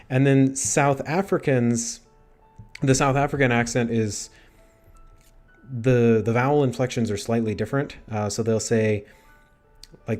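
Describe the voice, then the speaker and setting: A man's voice: lowish voice, flat delivery, normal speed, a little mellow, faint music behind. A man hosting a livestream interview, chatty and self-deprecating with playful asides. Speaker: livestream host. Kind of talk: casual interview chat.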